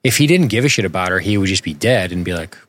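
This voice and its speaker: Low-voiced man breaking down a film. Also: quick pace. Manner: animated, swears freely, acts out characters' lines. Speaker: film discussion co-host. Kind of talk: casual film breakdown chat.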